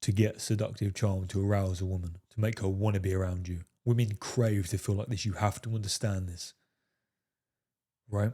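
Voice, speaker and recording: A man's voice: low voice, steady tone, moderate pace, dark tone. A man talking straight to his viewers as a dating coach, emphatic and profane, peppering his talk with "fellas" and "right?". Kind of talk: coaching monologue to camera.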